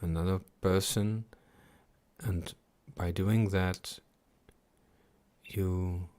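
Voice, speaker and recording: A man slowly reading and explaining devotional scripture, chanting at times, pausing to reflect and repeating his words. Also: low voice, fairly even intonation, darkish tone. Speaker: scripture reader. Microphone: computer mic on a livestream.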